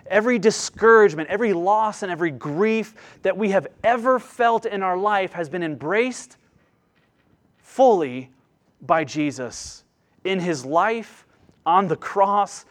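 Guy preaching, kinda high voice, gets loud then goes real quiet and slow. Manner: impassioned preaching, swells loud then drops to hushed. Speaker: pastor. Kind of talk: sermon.

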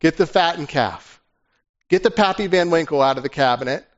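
A preacher voicing a joyful, generous father giving brisk, excited orders for a feast. His voice sits somewhat high, and the recording sounds dull and lo-fi. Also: close to an everyday voice. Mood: exuberant.

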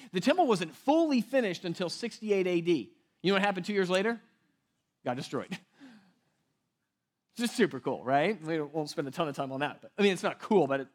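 A male pastor gives a casual, loose sermon in a lively, friendly way, as if he had no script. His high voice swings widely in pitch, and he often acts out the voices of people in the story when quoting them.

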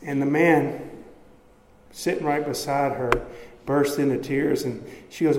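A man's voice: medium pitch, steady tone, a little slow, pauses often, darkish tone, a little hiss or hum. A man preaching a sermon as pastor, earnest, often repeating words as he goes. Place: church sanctuary. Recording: echoey church hall, faint ambience.

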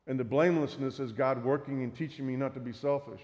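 A man preaching a sermon, reading Bible passages aloud and explaining them with measured emphasis. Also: mid-range voice, steady tone, darkish tone. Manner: reads scripture aloud, then teaches. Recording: reverberant hall.

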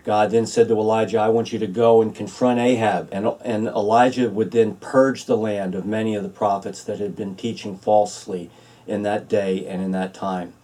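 A man's voice: on the low side, steady tone, normal speed, dark tone, far from the mic. A man preaching a sermon as pastor, telling a story earnestly with some ums and uhs, filmed for an online church video.

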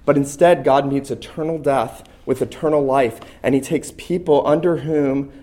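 A middle-aged man preaching a sermon as pastor, emphatic, swinging between loud stresses and quiet asides. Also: fairly even intonation, normal speed. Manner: emphatic, rising to loud stresses and then dropping low.

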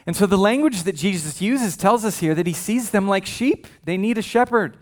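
A male pastor preaching a sermon with a fairly high voice. He talks casually and with humor, often breaking off for asides. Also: expressive, normal speed. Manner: conversational and humorous, with frequent asides.

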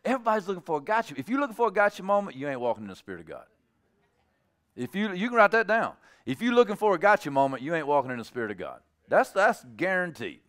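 A man preaching a sermon to his congregation in a folksy, plainspoken way. He jokes with the listeners and swings from low, soft phrases to loud, high bursts. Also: wildly swooping pitch, fast. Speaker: pastor.

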